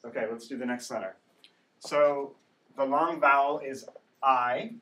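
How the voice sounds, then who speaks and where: A man's voice: mid-range voice, measured pace, sharp tone, a little hiss or hum. A male English teacher running a classroom pronunciation drill, patiently saying words for the class to repeat and checking in with "right?". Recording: distant classroom recording.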